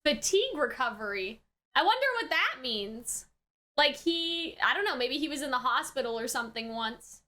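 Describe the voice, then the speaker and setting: A woman's voice: high voice, sing-song, normal speed, bright, forceful tone, a little hiss or hum. A woman reacting aloud to an episode with gasps and swearing, then chatting through a casual review full of fillers. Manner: exclamatory, frequent gasps and swearing while watching; chatty, filler-heavy with many "like" and "right". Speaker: anime reaction and review YouTuber.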